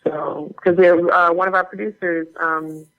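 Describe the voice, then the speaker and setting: A woman guest tells stories from her work in an animated, chatty way, full of fillers and restarts. The recording sounds dull and lo-fi, with the top end rolled off. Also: lowish voice, unhurried. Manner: animated, chatty anecdote-telling with many fillers. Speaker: guest actor. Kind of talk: casual interview storytelling.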